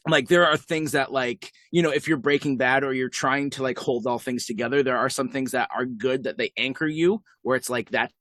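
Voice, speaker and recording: A man co-hosting a podcast, chatting casually in a rambling, animated way. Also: mid-range voice, a little fast, few pauses, no echo. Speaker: podcast co-host. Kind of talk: casual chat.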